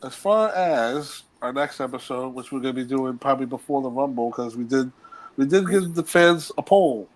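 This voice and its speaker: A man's voice: medium pitch, moderate pace, low-quality recording. A man hosting a wrestling podcast, talking with enthusiasm and rambling through restarts. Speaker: podcast host. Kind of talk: casual chat.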